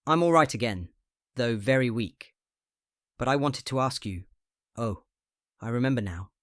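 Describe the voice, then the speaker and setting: A man reading aloud, voicing a weak, bewildered bedridden man who snaps and shouts in irritation. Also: medium pitch, expressive, normal speed, no room sound, clean studio sound, lightly acted. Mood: furious. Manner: furious outbursts, snapping and shouting. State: weak from illness.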